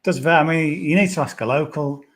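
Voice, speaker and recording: A man's voice: on the high side, quick pace. A man chatting casually as a golf betting pundit on a podcast, rambling and hesitant, with plenty of "sort of" and "yeah".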